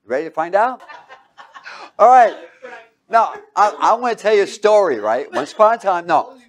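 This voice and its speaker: A man giving a motivational talk to a live audience. He talks emphatically, swings from loud to hushed, and keeps quizzing listeners with fill-in questions. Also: high-pitched, expressive, normal speed. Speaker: speaker teaching a live audience.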